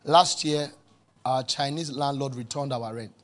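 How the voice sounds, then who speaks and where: A man's voice: mid-range voice, measured pace, background noise. A man preaching a sermon as pastor, emphatic and calling out to the congregation for responses.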